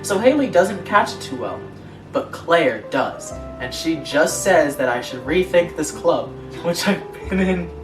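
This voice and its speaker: A woman's voice: low-pitched, expressive, measured pace. A young woman co-hosting a casual chat, reading online posts aloud with laughing asides. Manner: giggly, reads aloud with frequent laughing asides. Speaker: co-host reading online stories. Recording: echoey room, distant from mic, music behind.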